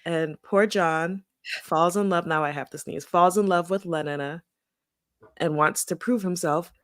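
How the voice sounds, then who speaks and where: A woman with a slightly low voice co-hosts a book club podcast. Her casual, conversational talk retells scenes with quoted asides. The sound is dry and close. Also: measured pace, no room sound. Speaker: podcast co-host.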